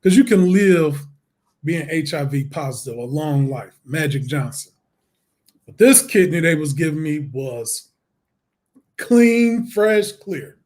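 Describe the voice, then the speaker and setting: A man, a guest on an interview show, telling his story in a lively way, acting out the voices and laughing often. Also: fairly high pitch, slow pace. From Detroit, USA.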